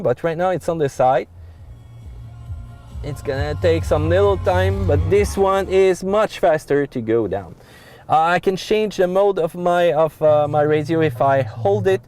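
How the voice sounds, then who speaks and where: A French-accented man whose voice sits on the high side and sounds a little mellow reviews a pickup from inside its cab. He walks through the dashboard controls casually, restarting often and leaning on uh fillers.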